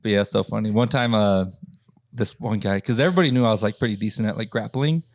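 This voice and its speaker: In clean, dry studio sound, a podcast host with a lowish voice rattles off rowdy anecdotes at a quick pace. His casual chat is profane and full of laughter, and he animatedly quotes the characters in his own voices for them.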